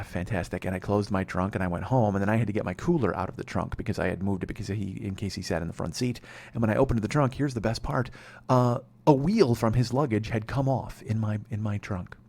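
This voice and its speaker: A man's voice: on the low side, darkish tone. A man in his forties, a comedy podcast host telling a rambling, profane, sardonic story. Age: 40s.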